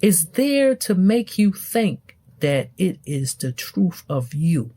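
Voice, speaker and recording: A woman's voice: fairly low pitch, big pitch swings, slow, dark tone, husky. A woman hosting a spiritual podcast, speaking emphatically to the listener with many rhetorical questions. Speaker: podcast host. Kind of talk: spiritual teaching monologue.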